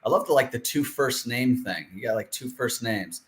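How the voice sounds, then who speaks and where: A man's voice: mid-range voice, normal speed, a bit bright. A man hosting a casual interview over a video call, joking and chatty, often restarting his sentences. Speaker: interview host.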